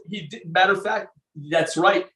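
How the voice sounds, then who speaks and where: A man's voice: high-pitched, unhurried, sharp tone, reverberant, recorded from a distance, low-quality recording. An older man, a former bodybuilder, telling a long story as a podcast guest, rambling with many fillers and restarts. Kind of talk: casual storytelling interview.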